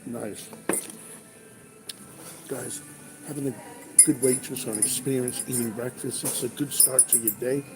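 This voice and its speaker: Eating breakfast in a noisy truck stop restaurant, a trucker chats casually on his livestream and reads viewers' comments aloud. He speaks at medium pitch in a steady tone and a measured pace, pausing often.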